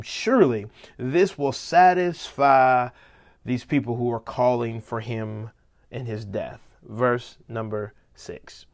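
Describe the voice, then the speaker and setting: A man preaching a sermon, reading scripture verse by verse and then explaining it in lively paraphrase. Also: medium pitch, measured pace.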